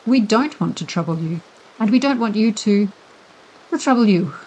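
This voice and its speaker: Woman voicing a smooth-talking polite schoolboy. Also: mid-range voice, lively intonation, moderate pace, a little mellow, natural voice, low-quality recording. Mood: earnest. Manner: overly polite, earnest. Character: polite, scheming schoolboy, charming and earnest.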